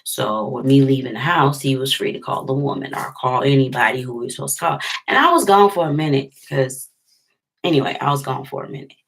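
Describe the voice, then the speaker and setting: A woman's voice: rumbling low, fairly quick, gravelly, a bit bright, breathy edge. A woman telling a personal heartbreak story in a rambling, self-correcting way, sometimes dropping almost to a whisper. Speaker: vlogger. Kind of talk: storytime vlog.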